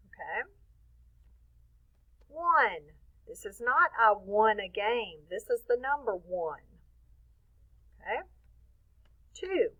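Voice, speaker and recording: A woman's voice: mid-range voice, narrow, tinny audio. A woman teaching a children's phonics lesson, patient and encouraging, drawing words out to show stress. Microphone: phone or webcam.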